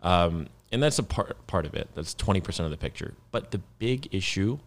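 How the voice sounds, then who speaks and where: A man's voice: low-pitched, expressive, a little fast. A man in his thirties, a guest founder explaining his work in a loose, casual podcast chat with plenty of fillers.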